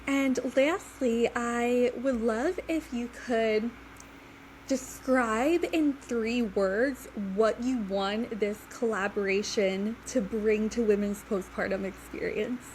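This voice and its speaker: A woman's voice: fairly high pitch, slow pace, darkish tone, rough recording. Woman, young adult, podcast host, chatty, upbeat, faint background noise. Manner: chatty, upbeat, frequent "like" and "mm-hmm". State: heavily pregnant, due today. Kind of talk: casual interview chat.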